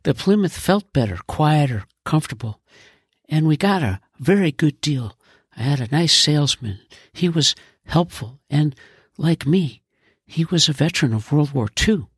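A man's voice: on the high side, animated, moderate pace, slightly rough, dry recording, studio quality, pitched above the performer's own voice. A man voicing a cheerful father who is a World War Two veteran, proud of his new car.

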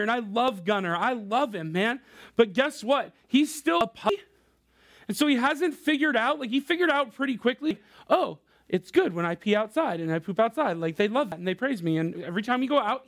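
High-voiced casual youth preacher man. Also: a bit bright. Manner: casual, conversational preaching to a young crowd. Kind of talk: sermon.

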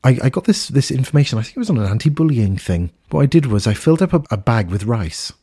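A man's voice: mid-range voice, big pitch swings, fast, dark tone, slightly rough. A man hosting a podcast, talking in a candid, earnest and reflective way, swearing now and then. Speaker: podcast host. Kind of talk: reflective casual podcast talk.

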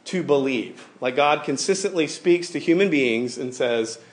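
A man in his thirties preaching a sermon in a conversational, animated way, often acting out quoted voices. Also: a little high, a little slow. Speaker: pastor.

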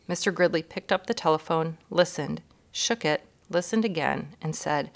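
Guest reader, woman, lowish voice, calm storybook narration. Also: moderate pace, gravelly, hardly any pauses. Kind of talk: children's storybook reading.

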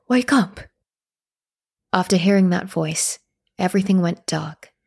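Woman reading an audiobook, husky and breathy voice, low and calm. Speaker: narrator. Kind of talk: first-person audiobook narration.

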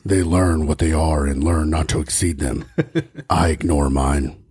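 A man voicing a grave, deep-voiced male superhero vigilante in slow pronouncements on a podcast. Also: steady tone, a little mellow, slightly rough, exaggerated voice. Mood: brooding.

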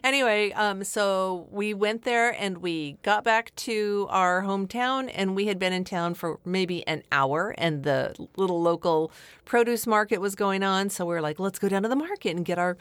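A middle-aged woman from Washington State tells a story to her co-host in an easygoing chat, animated and laughing often. Her voice sits at an ordinary pitch for a woman, and the recording is close and dry with no room sound at all. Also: normal speed, clean tone, no echo. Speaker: podcast co-host.

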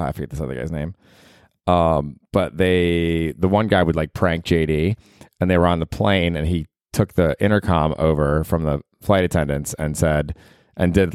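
A man's voice: low-pitched, a little mellow, smooth, no room sound, clean studio sound. A man hosting a podcast in a loose, rambling comedic monologue, swearing freely and slipping into mocking voices for people he quotes. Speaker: podcast host.

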